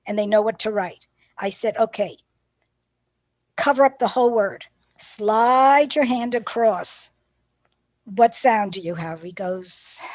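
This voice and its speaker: A woman teacher trainer with a voice on the high side gives a professional development talk, recorded with no room sound. She's a lively storyteller, recounting classroom moments and acting out the dialogue.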